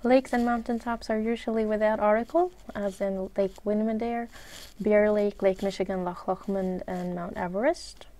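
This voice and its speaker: A woman with a Swedish accent teaches English grammar in a recorded lesson, speaking at a mid pitch. She moves through long lists of examples one at a time. She often fills her pauses with "uh" as she explains each rule. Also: steady tone, warm tone. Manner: measured, lists examples one by one, frequent "uh" fillers.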